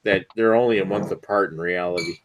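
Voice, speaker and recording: Rambling beer-reviewing man, low voice. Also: steady tone, a little fast, noisy background. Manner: rambling, hesitant with many fillers, swears. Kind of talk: casual drinking chat.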